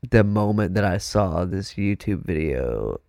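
A man's voice: low-pitched, lively intonation, measured pace, creaky, a little mellow, dry recording, studio quality. A young man, a drummer, with a stuffed-up nose, rambling loosely in casual chat and swearing freely. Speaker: drummer, podcast co-host.

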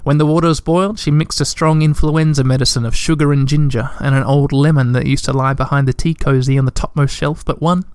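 Man reading a kids' storybook aloud, calm and even, a bit high-pitched, dry close sound. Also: a little fast, few pauses, clear, resonant tone, dry recording. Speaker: narrator.

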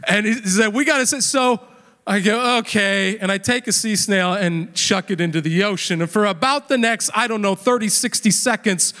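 A man in his thirties preaching a sermon, telling a family story in a conversational, animated way. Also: sits high. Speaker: pastor. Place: church.

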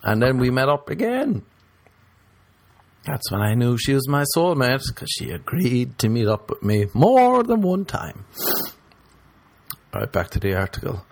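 A man's voice: medium pitch, no room sound. A young man hosting a podcast, a stand-up comedian rambling through a profane, jokey monologue. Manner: rambling, profane, jokey, with swings into mock voices.

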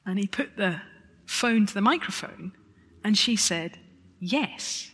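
A woman giving a lively, self-mocking testimony talk, with chuckling asides. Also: mid-range voice, measured pace, husky. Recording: long hall reverb.

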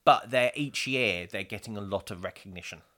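A man in his thirties chatting casually as a podcast co-host, animated and quick to laugh as he tells stories. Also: fairly low pitch. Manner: animated, laughs often, storytelling. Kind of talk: casual chat.

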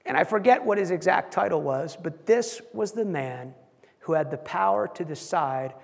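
High-voiced man preaching in a reverberant hall. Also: moderate pace, creaky, breathy edge. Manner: animated, acts out quotes, stumbles and repeats words. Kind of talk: sermon storytelling.

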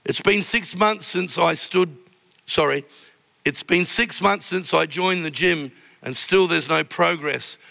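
A man's voice: on the high side, unhurried, creaky, pushed and bright. A man preaching a sermon as pastor, telling personal stories with emotional, impassioned delivery. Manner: emotional storytelling, rising to impassioned cries. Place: large church auditorium. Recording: long reverb of a large church hall.

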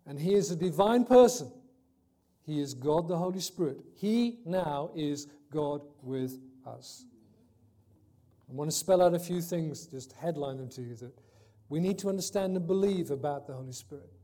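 Guy preaching a sermon, kinda high mellow voice, gets loud then goes real quiet. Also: moderate pace. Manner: emphatic, swings between loud and soft; reads scripture aloud, corrects himself.

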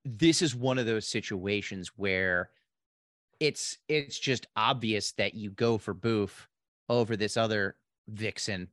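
A man's voice: on the low side, takes it slowly, a bit bright, no echo, clean studio sound. A man from Pennsylvania co-hosting a podcast, easygoing and agreeable, often restarting his sentences. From Pennsylvania, USA. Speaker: podcast co-host, comedian. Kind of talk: casual chat.

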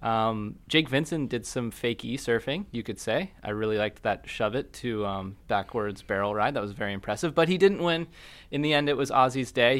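A man's voice: medium pitch, a bit bright, clear, resonant tone. A man co-hosting a podcast, cheerfully running through show news and asking sponsors to get in touch. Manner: upbeat, announces show news and plugs. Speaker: podcast co-host. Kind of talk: casual chat.

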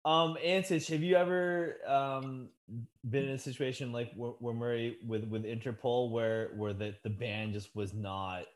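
A man's voice: medium pitch, fairly even intonation, a little slow. A man co-hosting a podcast who asks the guests questions and laughs easily. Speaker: podcast co-host. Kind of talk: casual chat.

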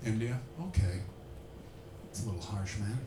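A man from Canada doing crowd-work stand-up comedy, animated and swearing freely as he acts out voices. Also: fairly low pitch, fairly quick, noisy background. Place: comedy venue with a live audience. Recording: echoey room with faint ambience.

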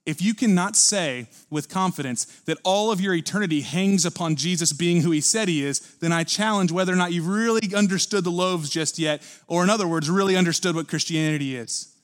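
Earnest, slightly high-voiced male preacher. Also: brisk, few pauses. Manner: earnest, building to forceful emphasis. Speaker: pastor. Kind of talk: sermon. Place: church service.

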